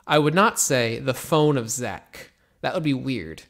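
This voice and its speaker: A young American man teaching English in a casual live stream, slowly repeating example phrases and answering questions. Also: medium pitch. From United States. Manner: relaxed, slow repetitions of example phrases, mixes in Turkish.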